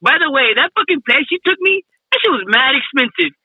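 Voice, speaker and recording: A man's voice: extremely high pitch, brisk, phone-quality sound. A man telling a rowdy story in casual chat, laughing and swearing, after a few drinks. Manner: laughing, swearing, animated retelling. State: has been drinking.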